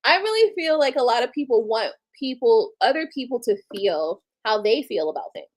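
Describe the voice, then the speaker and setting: A woman's voice: on the high side, sing-song, moderate pace. Blunt, plain-spoken woman in her late thirties. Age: late 30s. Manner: blunt, candid, swears casually. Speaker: livestream host. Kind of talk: casual live-stream monologue.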